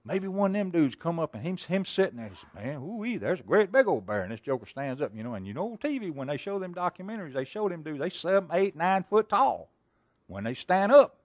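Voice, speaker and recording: A man preaching a sermon, telling a story in a folksy way and asking the congregation many questions, swinging between loud and hushed delivery. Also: high voice, big pitch swings, a little fast, dry recording. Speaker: pastor.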